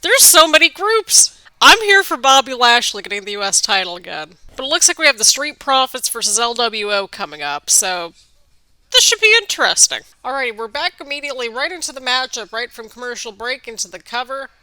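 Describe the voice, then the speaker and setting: A woman hosting a wrestling reaction video, chatting excitably with quick laughs while a bit stuffy from allergies. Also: on the high side, no room sound. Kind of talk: casual live reaction commentary.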